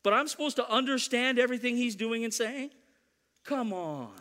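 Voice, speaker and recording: A man's voice: extremely high pitch, normal speed, sharp tone, long reverb tail. A man preaching a sermon to his church, emphatic and repeating key lines, teasing the congregation now and then. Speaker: pastor.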